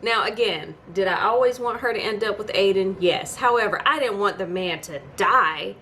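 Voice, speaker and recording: A woman's voice: medium pitch, moderate pace, pushed and bright, slight background noise. A woman giving a casual TV episode recap as a video host, chatty and storytelling, with incredulous asides. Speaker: YouTube TV reviewer.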